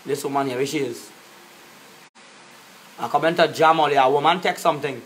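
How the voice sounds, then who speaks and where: A man's voice: a little high, a little fast, a bit bright. A man with a Trinidadian accent ranting on a live stream, cussing and repeating himself as he confronts people. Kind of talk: angry live-stream rant.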